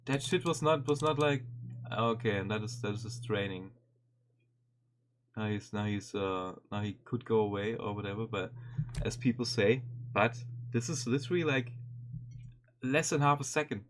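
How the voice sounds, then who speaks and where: A man streaming and commenting casually on a video, animated and swearing often, with frequent restarts. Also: fairly low pitch, normal speed, a little hiss or hum.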